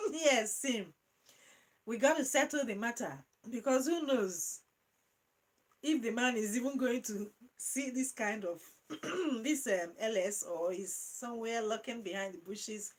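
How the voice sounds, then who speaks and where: A high-pitched woman hosts a live-stream chat, reading viewer comments aloud. She speaks slowly and playfully and keeps breaking into giggles as she talks. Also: poor audio. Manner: giggles often, laughing through her words; playful and animated, addressing viewers by name. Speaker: channel host.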